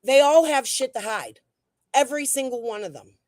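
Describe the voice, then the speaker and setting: A woman's voice: high voice, animated, moderate pace, darkish tone, dry recording. A woman hosting a casual true crime livestream and reading the chat, talking in a blunt, heated way that is full of swearing.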